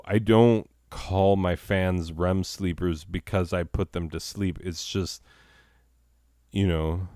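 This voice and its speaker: A man's voice: low voice, a little mellow, clear, resonant tone, dry recording, studio quality. A man hosting a comedy show, rambling through improvised, self-mocking banter full of fillers.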